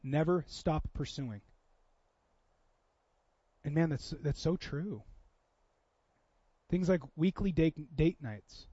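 A man in his thirties preaching a sermon, telling stories with swings from loud bursts to quiet moments. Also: a little high, slow, long pauses, breathy edge, no echo, highs cut off. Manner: animated storytelling, swings from loud to soft. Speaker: pastor.

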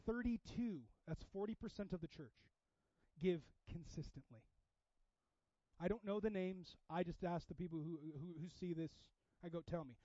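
A man preaching a sermon in a casual, animated way, with sudden loud bursts. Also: high voice, dry recording, lo-fi sound. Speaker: pastor.

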